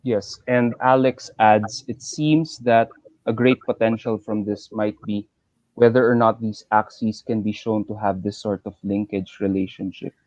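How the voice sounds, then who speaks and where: A man moderating a session, reading audience questions aloud at a measured pace. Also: on the low side, steady tone, darkish tone, no room sound. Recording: dry, dull lo-fi call audio.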